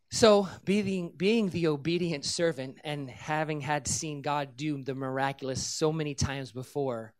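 An animated preacher delivers a sermon at an ordinary, mid-range pitch. The story comes alive as the preacher slips into the characters' voices, then settles into an earnest, direct stretch of teaching about faith. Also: unhurried, few pauses. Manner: animated storyteller who acts out the characters' lines.

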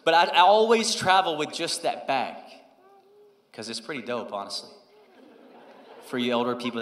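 A young adult man, a pastor, telling a personal story in a conversational, animated sermon and dropping low and soft whenever he quotes God. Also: moderate pace, long pauses, crowd noise, noisy background. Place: church sanctuary. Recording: echoey church hall with long reverb.

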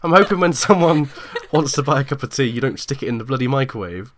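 A woman's voice: extremely low pitch, expressive, noisy background. A woman co-hosting a casual chat, teasing dryly and laughing often. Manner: dry teasing, quick to laugh. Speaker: podcast co-host.

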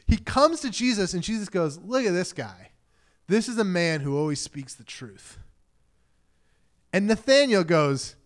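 A man preaching a sermon, reading scripture and explaining it in an animated, conversational way, acting out the voices of the people in the story. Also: a little high. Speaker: pastor.

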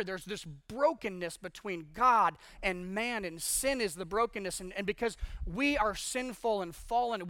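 Young male preacher, high bright voice, dry close sound, loose conversational sermon delivery. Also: no room sound. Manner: conversational, animated preaching with many "like" fillers. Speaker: pastor.

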